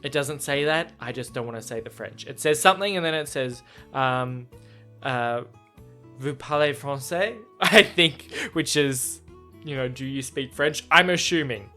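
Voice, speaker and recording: An excitable, chatty man reacting to a book he reads aloud, with a bright, forward voice. His delivery is casual. Faint guitar music plays softly behind him. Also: mid-range voice, normal speed. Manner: excitable, chatty, laughs often.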